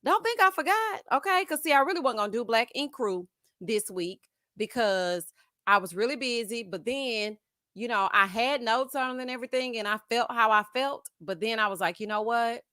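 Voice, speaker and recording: A woman hosting a live-stream recap of reality TV. She talks in a sassy, animated way, calling viewers honey and child and laughing often. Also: on the high side, normal speed, no room sound, studio quality. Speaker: TV recap show host.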